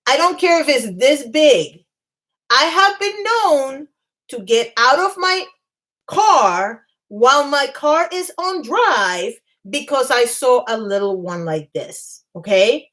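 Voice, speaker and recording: A slightly high-pitched woman telling stories to her viewers in a loose, chatty way. She is animated and quick to poke fun at herself, breaking off to greet people in the chat. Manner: animated, self-mocking, laughs at herself. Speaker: channel host. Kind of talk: casual storytelling to live chat.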